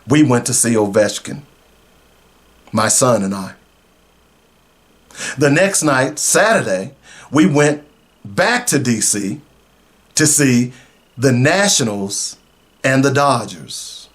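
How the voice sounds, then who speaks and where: Middle-aged male radio host, earnest storyteller, emotional, mid-pitched voice. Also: lively intonation, a bit bright. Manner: emotional, earnest, slow in places. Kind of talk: personal storytelling.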